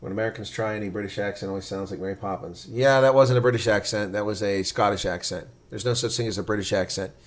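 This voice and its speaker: A man giving live reaction play-by-play commentary, excitable and blunt, his voice climbing sharply during big plays. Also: on the low side, quick pace, hardly any pauses. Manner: blunt and opinionated.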